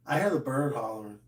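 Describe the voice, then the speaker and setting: A man's voice: medium pitch, far from the mic. A man, a comedian, in casual live-stream banter in a home studio room, rambling and joking. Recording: echoey room, voice off-mic.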